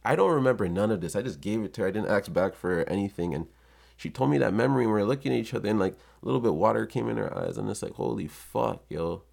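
A man with a low, deep voice speaks in a loose, heartfelt vlog monologue. He is earnest and emotional, swearing freely as he talks. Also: racing, creaky, darkish tone. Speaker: vlogger.

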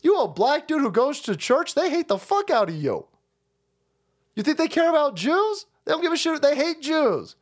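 A man's voice: extremely high pitch, very animated, normal speed. A man hosting a live stream, giving heated, profane and mocking commentary with frequent laughs. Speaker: streamer host.

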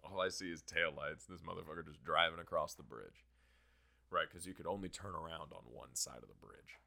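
A young man hosting a podcast, telling a story in a casual, profane, animated way. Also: a bass voice, fairly quick, creaky. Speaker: podcast host.

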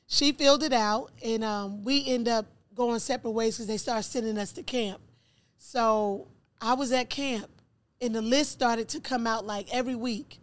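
Woman guest on a podcast, kinda high voice, acts out the dialogue, repeats stuff for emphasis. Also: moderate pace. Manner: animated, acts out dialogue from her memories. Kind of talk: personal storytelling in conversation.

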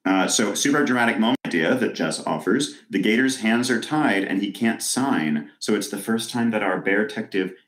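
A man's voice: lowish voice, expressive, moderate pace, few pauses, fairly bright tone, reverberant, poor audio. A man hosting a casual brainstorm podcast, reading out listener suggestions with eager enthusiasm and frequent laughter.

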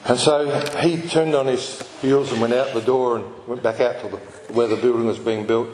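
Impassioned pastor preaching. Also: male voice, mid-range voice, fairly even intonation, normal speed, few pauses. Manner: impassioned, emphatic, repeats phrases. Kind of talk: sermon. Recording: echoey hall with background noise.

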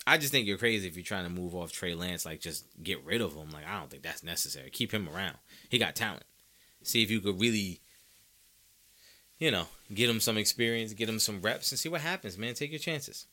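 A man's voice: on the low side, sharp tone. A man hosting a sports podcast, giving emphatic, opinionated commentary straight to his listeners.

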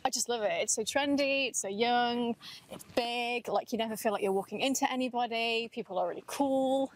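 A young woman with a slightly high voice talks in an easy, upbeat way, sprinkling her sentences with "like" and frequent little laughs. She is walking outdoors on a campus as she chats. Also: brisk, poor audio. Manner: chatty, upbeat, laughs often, says "like" a lot. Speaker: podcast co-host. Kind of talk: casual walking chat.

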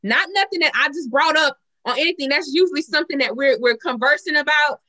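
A young woman talking casually and outspokenly in a group chat, animated and swearing freely. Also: high-pitched, quick pace.

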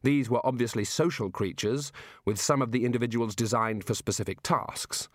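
Man narrating a storybook, measured. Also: mid-range voice, no room sound, clean studio sound. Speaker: audiobook narrator. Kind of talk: scripted narration.

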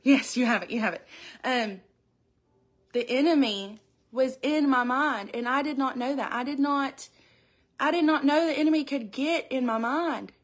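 A young woman giving an earnest, emotional church testimony, tearful and halting as she speaks. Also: high voice.

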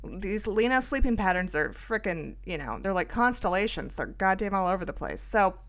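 A woman's voice: mid-range voice, sing-song, moderate pace, a bit bright. A middle-aged woman hosting a podcast, telling a rambling, self-mocking story with lots of fillers. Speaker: podcast host. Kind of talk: casual storytelling monologue.

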